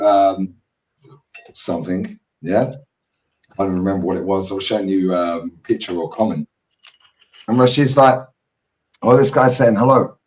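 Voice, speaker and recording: A London man with a mid-range voice, hosting a football chat stream. He tells stories in quick, animated slang and swears freely. He sounds set back from the mic. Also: medium pitch, recorded from a distance, rough recording. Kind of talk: casual chat.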